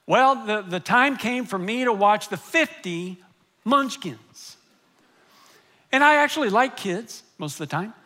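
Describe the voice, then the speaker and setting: Middle-aged pastor, high tenor voice, animated sermon storyteller who drops to a hush for effect. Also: male voice. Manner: animated storytelling, swinging between loud and hushed.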